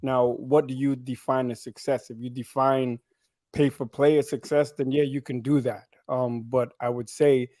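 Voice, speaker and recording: A man's voice: mid-range voice, flat delivery, normal speed, dark tone, no room sound, studio quality. A man on a podcast panel telling blunt stories from life abroad in casual talk, often asking "you know what I'm saying".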